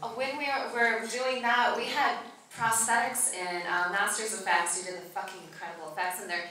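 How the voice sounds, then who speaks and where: Bright-voiced woman in echoey theater. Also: mid-range voice, fairly quick, recorded from a distance. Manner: profane, animated storytelling. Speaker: film director and actor. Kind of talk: Q&A panel answers. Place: large cinema theater.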